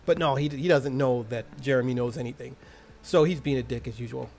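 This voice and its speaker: A man's voice: mid-range voice, brisk, creaky, a little mellow. A man casually recapping a TV episode in a slangy, crude, jokey way. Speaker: TV episode reviewer.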